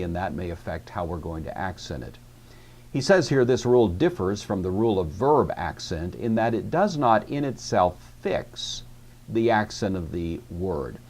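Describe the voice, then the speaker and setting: Deep-voiced man giving a patient lecture. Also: a little mellow. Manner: patient, explanatory, with frequent "you see" and "uh". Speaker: Greek teacher. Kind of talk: recorded classroom lecture.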